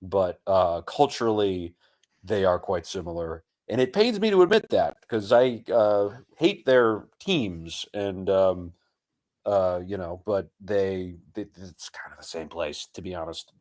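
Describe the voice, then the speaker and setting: A man from Minnesota co-hosting a podcast, chatting casually in a measured, reflective way. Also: low-pitched, big pitch swings, darkish tone. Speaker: podcast co-host.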